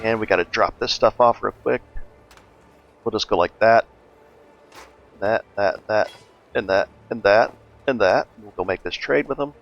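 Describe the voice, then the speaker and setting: Gravelly-voiced man narrating gameplay casually. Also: fairly low pitch, unhurried, long pauses, highs cut off, soft background music. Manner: relaxed, chatty, thinks aloud with fillers. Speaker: gaming guide host.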